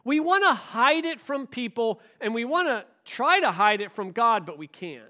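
Male pastor, high bright voice, animated sermon delivery with loud and hushed turns. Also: moderate pace. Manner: animated storytelling, shifts between loud and hushed.

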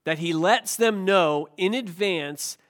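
A man's voice: sits high, takes it slowly, fairly bright tone. A male pastor with a cold, preaching a sermon with rhetorical questions and self-deprecating jokes. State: has a cold.

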